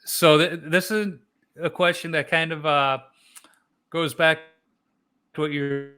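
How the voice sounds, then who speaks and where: Male podcast host, bright clear tone, friendly, affirming, casual questions. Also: a little high, fairly even intonation. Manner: friendly, affirming interviewer, quick to laugh along. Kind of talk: casual interview chat.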